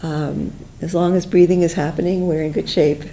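Middle-aged woman teacher, slightly low and creaky, easygoing guided talk with fillers. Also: steady tone, a little hiss or hum, poor audio. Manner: gentle, unhurried, many fillers and restarts. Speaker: meditation teacher.

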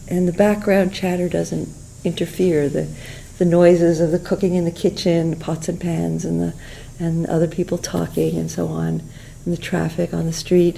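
Soft-spoken woman teaching mindfulness. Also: on the low side, gravelly, low-quality recording. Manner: gentle, unhurried, many fillers and restarts. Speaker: meditation teacher. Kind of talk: guided mindfulness talk.

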